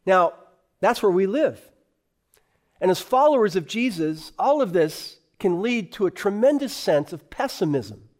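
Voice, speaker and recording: Pastor, male, higher-than-usual voice, earnest sermon delivery with slow emphatic phrases. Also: sing-song.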